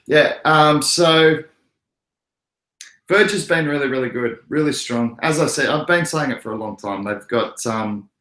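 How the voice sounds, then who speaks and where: A man's voice: mid-range voice, measured pace, fairly bright tone. A young Australian man from Queensland hosting a crypto livestream, chatting casually and answering his viewers' messages. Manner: laid-back, chatty, answers chat messages. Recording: echoey room.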